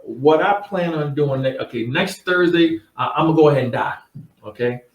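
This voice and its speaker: A man playing a father who coaxes his family to the dinner table and calmly tells them he plans to die next week. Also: on the high side, moderate pace, lo-fi sound, close to an everyday voice. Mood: coaxing. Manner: coaxing, rambling family pep talk. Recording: roomy sound, mic at a distance.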